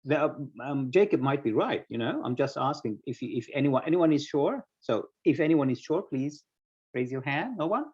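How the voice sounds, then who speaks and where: A man's voice: medium pitch, lively intonation, normal speed, darkish tone, breathy edge, lo-fi sound. A man teaching an online English class, patiently quizzing students by name and explaining word pairings, heard over a video call.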